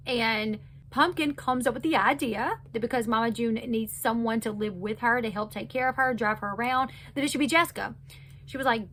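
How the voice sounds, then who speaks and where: A woman's voice: fairly high pitch, fairly quick, a bit bright, a little hiss or hum. A woman recapping a reality show in a casual, chatty way, full of fillers. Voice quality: chatty, loose retelling with many fillers. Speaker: recap host.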